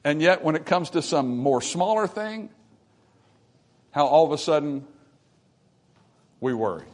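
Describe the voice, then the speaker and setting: A man preaching a sermon to his congregation, swinging between quiet, intimate stretches and loud, emphatic ones. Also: fairly high pitch, lively intonation, measured pace. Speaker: pastor. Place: church sanctuary.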